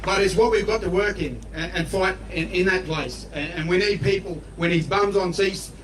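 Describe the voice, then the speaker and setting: Blunt Australian man, high voice, distant. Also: moderate pace, fairly bright tone. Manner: blunt, folksy, colloquial. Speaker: politician speaking at a rally. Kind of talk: rally speech. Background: crowd.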